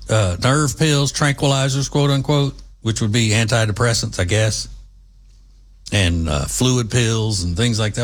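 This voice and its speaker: A middle-aged man, hosting a casual commentary monologue in a rambling, folksy, conversational way. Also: on the low side. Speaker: commentary show host.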